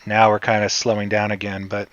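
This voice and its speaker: A man from Canada hosting a casual livestream, rambling in a relaxed way and answering his chat. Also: lowish voice, fairly quick, no echo, lo-fi sound. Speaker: livestream host.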